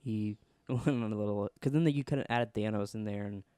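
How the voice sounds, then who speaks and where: A young man co-hosting a casual podcast chat, excitable and rambling, laughing often. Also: on the low side, normal speed, clear, resonant tone, dry recording. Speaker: podcast co-host.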